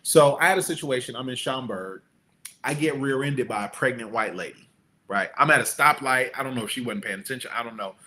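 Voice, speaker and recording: A man's voice: fairly quick, slight background noise. A middle-aged man, a guest entrepreneur, telling stories in a casual interview and acting out the people he quotes. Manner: animated, acts out quotes with big pitch jumps.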